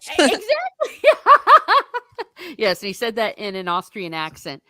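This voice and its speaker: A woman hosts a casual book discussion with a chatty, enthusiastic manner and frequent laughs. Her voice sits at a middle pitch, and the sound is dry and close. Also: huge pitch swings, fairly bright tone, no echo. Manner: chatty, laughs often, quick asides. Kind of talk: casual chat.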